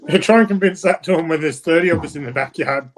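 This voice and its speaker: A man's voice: fairly high pitch, fast, rough recording. A man in casual chat, laid-back and joking with swearing. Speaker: voice chat member.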